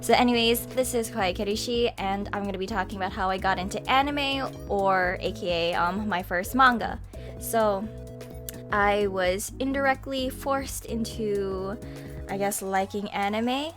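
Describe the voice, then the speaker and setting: A young adult woman telling a story in casual vlog style into a webcam mic, chatty and animated, with frequent laughs and sighs. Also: mid-range voice, normal speed, over music. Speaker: vlogger. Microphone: webcam microphone.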